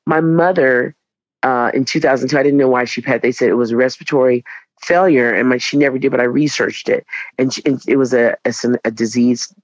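A woman's voice: extremely low pitch, fairly quick, dry recording. Woman teacher, podcast guest; dramatic, profane raconteur; dull dry lo-fi sound. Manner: animated, profane, dramatic storyteller. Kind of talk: casual podcast chat.

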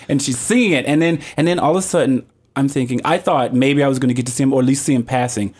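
A man telling a long anecdote as a podcast guest, jumping in pitch when he quotes people. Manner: animated, quick pitch jumps when quoting people. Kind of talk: casual storytelling.

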